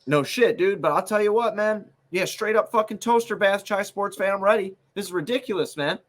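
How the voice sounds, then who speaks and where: A young man on a sports podcast, venting in a fired-up, cursing rant. His voice sits a bit higher than most men's. He sounds openly irritated and keeps cycling back to it. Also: a little fast, a bit bright. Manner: ranting, profane, exasperated. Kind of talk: heated casual chat.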